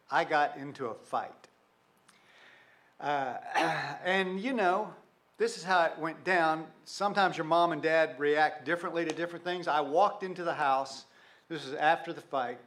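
A man's voice: fairly high pitch, a bit bright. Older man preaching conversationally. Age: 60s. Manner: conversational storytelling with rhetorical questions. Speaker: pastor. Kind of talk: sermon.

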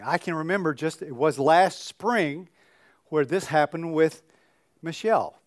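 Older man, pastor, fairly high voice, chatty sermon, jokey asides. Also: moderate pace, no room sound, clean studio sound. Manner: conversational storytelling with joking asides.

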